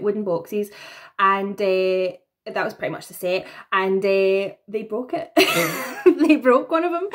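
A young woman in her twenties telling stories to her camera in a chatty, animated way, laughing between anecdotes. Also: a little high. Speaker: vlogger. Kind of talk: casual storytelling to camera. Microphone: own camera.

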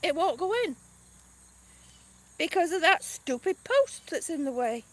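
Chatty high-voiced woman outdoors. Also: animated, measured pace. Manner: chatty, exasperated, sighing. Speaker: vlogger. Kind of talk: casual live-stream chat. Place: outdoors on grass. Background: crickets and passing cars.

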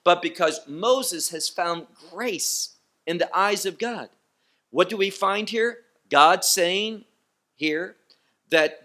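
Slow, bright-voiced man teaching Bible. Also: high-pitched, animated. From Israel. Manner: deliberate, emphatic teaching with rhetorical questions.

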